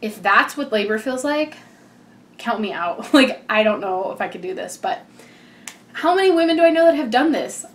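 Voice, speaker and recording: A woman's voice: on the high side, expressive, moderate pace. A heavily pregnant young woman giving a casual, rambling vlog update, chatty and laughing often. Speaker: vlogger.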